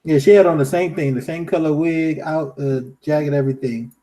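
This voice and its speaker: A man's voice: a little high, fairly even intonation, a little fast, warm tone, rough recording. A man co-hosting a podcast, telling stories in casual chat with fillers. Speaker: podcast co-host.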